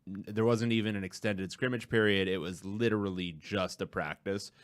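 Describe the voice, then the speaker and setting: A man in his thirties co-hosts a podcast with wry, deadpan jokes. His voice sits low and sounds close and dry in the studio. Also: moderate pace, dry recording. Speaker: podcast co-host. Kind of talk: casual chat.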